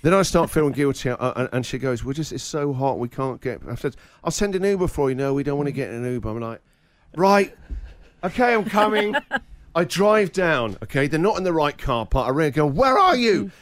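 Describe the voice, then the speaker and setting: A man's voice: mid-range voice, animated, quick pace, no room sound. A man in his forties, a radio host, telling an exasperated comic story and acting out the quotes. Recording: radio studio.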